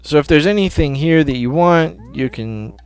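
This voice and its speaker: A man's voice: a little high, animated, normal speed, clear, resonant tone. A man giving casual, offhand commentary on a video game demo, often correcting himself mid-sentence. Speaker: gameplay commentator. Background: faint game music.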